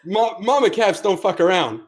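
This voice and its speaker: A man's voice: high voice, moderate pace. Man telling a profane story. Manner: profane, animated storyteller acting out dialogue. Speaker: podcast co-host. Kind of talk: casual storytelling.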